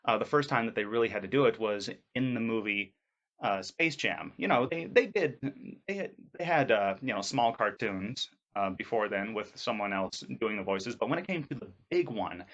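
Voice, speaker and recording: A man's voice: on the low side, a bit bright, muffled recording. A man voice actor talking casually in a vlog, rambling with many fillers in an earnest way. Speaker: voice actor vlogger.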